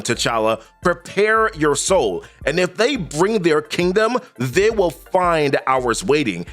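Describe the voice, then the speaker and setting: Man reading as an ancient panther goddess, commanding, prophetic, slow measured words. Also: fairly high pitch, fairly bright tone, full character voice.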